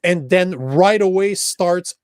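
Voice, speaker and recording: An emphatic man with a Quebec French accent, talking politics on a podcast with a fairly high voice. He swears freely and restarts sentences as he pushes his point. The sound is dry and close. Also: takes it slowly, a little mellow, clear, resonant tone, no room sound. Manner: emphatic, profane, restarts often. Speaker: podcast host. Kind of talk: casual political chat.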